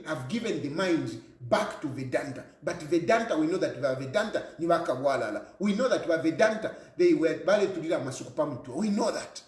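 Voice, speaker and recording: A fiery Zambian man delivers a heated political rant in a high, swooping voice that leaps up and down in pitch. He hammers home his points with repeated rhetorical questions, and the room around him sounds echoey. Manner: fiery, repetitive rhetorical questions, mixes local language into English. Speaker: political commentator. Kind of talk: impassioned political monologue.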